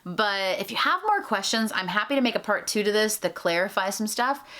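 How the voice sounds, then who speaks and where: A woman's voice: mid-range voice, lively intonation, fairly quick, a bit bright. A woman puppeteer giving casual advice in a rambling, chatty tutorial vlog, full of fillers.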